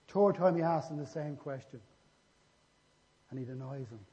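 A man's voice: on the high side, normal speed, dark tone. A man preaching a sermon, retelling scripture stories and acting out the dialogue. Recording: echoey hall, dull lo-fi sound.

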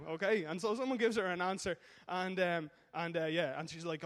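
An Irish man preaching with a rapid, high voice, telling stories and teasing the congregation. He keeps asking "okay?" as he goes. His voice rings out with a long echo around a hall. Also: fairly bright tone. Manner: jokey storytelling with frequent "okay?" tags. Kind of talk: sermon. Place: church hall. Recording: echoey hall.

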